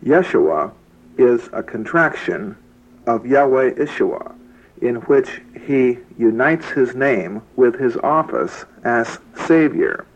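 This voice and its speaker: A man introducing a religious tape and reading a magazine excerpt aloud, in a measured, deliberate way that carefully spells out words. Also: medium pitch. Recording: dull lo-fi tape recording.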